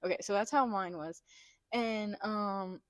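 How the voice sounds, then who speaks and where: Young woman, casual co-host, giggly, filler-heavy, middle pitch, dry close sound. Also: unhurried, dry recording. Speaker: podcast co-host. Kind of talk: casual chat reading listener stories.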